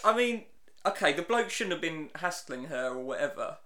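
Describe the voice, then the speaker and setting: A man's voice: fairly high pitch, lively intonation, normal speed, sharp tone. A man co-hosting a comedy radio show, ranting sarcastically in casual banter. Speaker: radio co-host.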